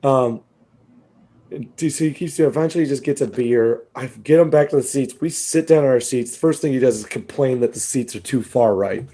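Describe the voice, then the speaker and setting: A man co-hosting a podcast, telling a story in casual chat, animated and swearing, laughing often as he quotes people. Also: mid-range voice, brisk. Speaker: podcast co-host.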